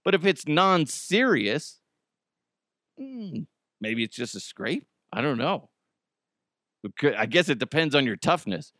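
Animated, joking male podcast host. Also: on the high side, unhurried, pauses often, dry recording, clean studio sound. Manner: joking, animated, puts on silly voices. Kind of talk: casual comedic chat.

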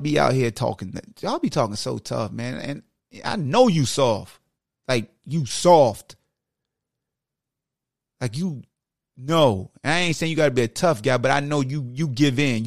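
A man hosting a sports podcast, talking straight to his listeners in an animated, preachy monologue. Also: mid-range voice, gravelly, no room sound, clean studio sound. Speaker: podcast host.

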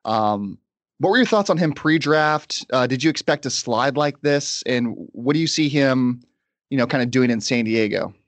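A man's voice: medium pitch, lively intonation, no echo. Man, podcast host, casual sports talk, dry close sound. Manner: conversational, quick asides.

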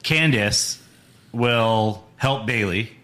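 A man's voice: fairly low pitch, extremely slow, bright, forceful tone. A man co-hosting a wrestling podcast, chiming in with short replies and dry asides. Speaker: podcast co-host. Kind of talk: casual chat.

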